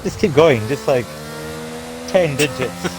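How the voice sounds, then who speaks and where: A man's voice: on the high side, animated, slow, over music. A man commentating a live sim race, calling positions and reading chat aloud. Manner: play-by-play calls, reads out chat.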